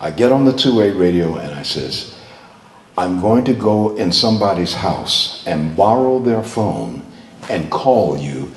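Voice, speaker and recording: An older man, a veteran TV journalist appearing as a guest speaker, chats through stories for a live audience in a hall, often repeating words as he begins a thought. His voice is low and very animated, and he takes his time. The room is echoey with faint noise.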